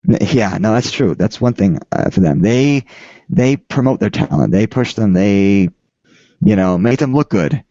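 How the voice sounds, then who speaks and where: A man's voice: lowish voice, warm tone, dry recording, lo-fi sound. A man hosting a casual podcast chat who rambles and restarts his sentences often. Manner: halting, rambling, frequent restarts. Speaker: podcast host.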